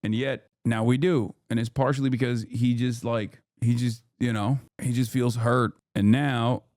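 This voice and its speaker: A man's voice: mid-range voice, flat delivery, moderate pace, darkish tone, no room sound, studio quality. A male streamer reacting to a clip with blunt, exasperated, profane commentary.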